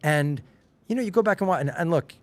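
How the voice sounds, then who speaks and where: A middle-aged man from Long Island with a slight Long Island accent, chatting casually as a podcast guest and telling stories with lively, acted-out quotes. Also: a little high, quick pace. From Long Island, New York. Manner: animated storyteller, acts out quotes with rising excitement. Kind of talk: casual chat.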